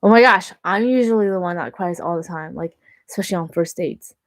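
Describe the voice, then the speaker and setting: A young woman talking through her dating life in a chatty, animated vlog, with lots of "like" fillers. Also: lowish voice, fairly quick, no echo. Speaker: vlogger. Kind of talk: casual vlog monologue.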